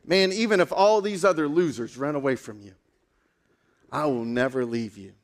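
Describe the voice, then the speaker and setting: A man's voice: a little high, normal speed, natural voice. A man voicing a brash, loyal young fisherman who talks cocky and emphatic. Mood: boastful. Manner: cocky, emphatic street talk.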